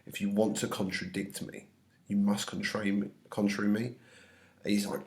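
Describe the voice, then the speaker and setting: A man with a lowish voice, a teacher working through a play scene by scene. He reads a line, then retells it in loose modern slang. His voice carries a slight sickly touch. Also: level tone, moderate pace, darkish tone. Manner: reads verse aloud then paraphrases in casual slang. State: slightly ill. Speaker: English teacher.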